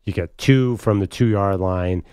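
A man co-hosting a sports talk radio show, skeptical and measured in casual banter. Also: on the low side, darkish tone, clean tone, no echo, clean studio sound.

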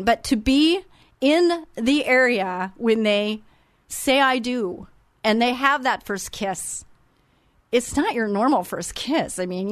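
A woman's voice: on the high side, dry recording. A middle-aged woman hosting a faith-based radio talk show, speaking in a heartfelt, sentimental way. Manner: heartfelt, sentimental, openly emotional.

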